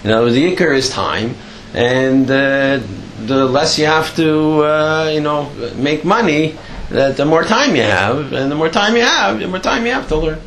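A man's voice: a little high, lively intonation, normal speed, fairly bright tone, a little hiss or hum. A man giving a Torah class, telling stories and explaining a point, with many fillers and restarts and a voice that jumps up when he stresses something. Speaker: Torah teacher.

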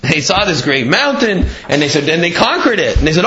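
A man with a high, lively voice gives a Torah class in a sing-song study-hall cadence, swinging his pitch up and down as he explains. The recording is echoey and dull, like a lo-fi room capture. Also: fairly quick. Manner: animated, sing-song study-hall delivery, frequent Hebrew terms. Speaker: Torah teacher. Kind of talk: Torah class on Gemara and Midrash.

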